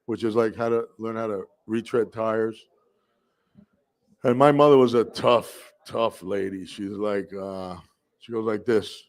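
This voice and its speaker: A middle-aged man from New York City telling a personal story with vivid, animated delivery, mimicking voices and bursting into shouts. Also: fairly low pitch, a little slow.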